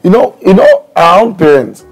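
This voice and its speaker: A man's voice: sits high, wildly swooping pitch, normal speed, soft background music. A man with a Nigerian accent co-hosting a casual chat, insistent and laughing as he argues his point. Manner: insistent, laughs while arguing. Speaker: podcast co-host.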